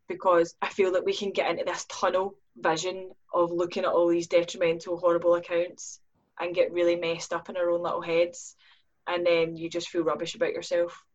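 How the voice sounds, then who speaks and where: A woman's voice: fairly low pitch, fairly quick, muffled recording. Earnest woman on a podcast. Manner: earnest, acts out her own inner questions in lively voices. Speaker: guest, business owner. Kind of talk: podcast conversation.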